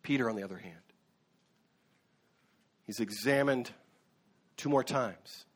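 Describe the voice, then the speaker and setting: A man's voice: medium pitch, measured pace, breathy edge. A man preaching a sermon as a pastor, earnest, with occasional fillers and restarts. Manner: earnest, with fillers and self-corrections.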